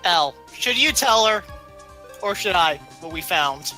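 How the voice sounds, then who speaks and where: A woman plays a tabletop game, pressing with eager questions, partly in character. Her voice is bright and sharp, with lively pitch. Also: a little slow, faint music behind. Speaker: player.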